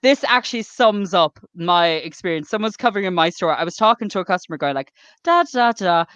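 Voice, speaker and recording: A woman's voice: on the low side, fast, a bit bright, dry recording. A woman, co-hosting a casual podcast, telling work stories with laughs, swearing and mimicked customers. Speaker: podcast co-host. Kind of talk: casual chat. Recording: dry, slightly dull audio.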